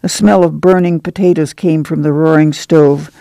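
Male audiobook narrator, steady storyteller, slightly higher voice, close and dry. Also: moderate pace, gravelly, no room sound. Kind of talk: scripted literary narration.

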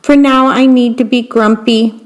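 A woman's voice: on the high side, fairly even intonation, normal speed, lightly acted. A woman doing a sulky grumpy ape.

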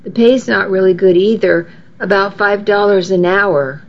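A woman's voice: mid-range voice, measured pace, close to an everyday voice. A woman voicing a frank but kindly middle-aged male restaurant manager in a storybook reading, on a dull lo-fi recording. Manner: matter-of-fact, apologetic.

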